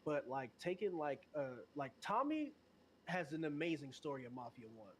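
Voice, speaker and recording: A man talking as a podcast guest in casual chat, animated and slangy, laughing often. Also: on the high side, moderate pace, a little hiss or hum.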